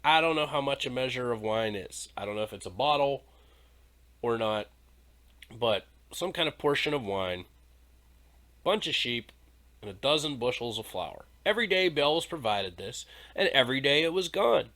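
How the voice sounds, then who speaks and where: A man's voice: mid-range voice, animated, moderate pace, fairly bright tone. A male podcast host in a casual, irreverent discussion who jokes around and swears freely.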